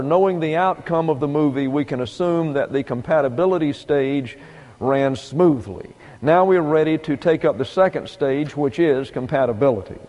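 Male pastor, fairly high voice, methodical sermon delivery, reverberant room. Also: a little mellow. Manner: measured, methodical teaching.

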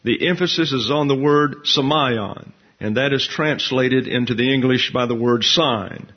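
A man teaching a detailed Bible lesson in a measured, deliberate way, slowing down when he reads scripture aloud. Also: medium pitch. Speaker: pastor. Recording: dull lo-fi recording.

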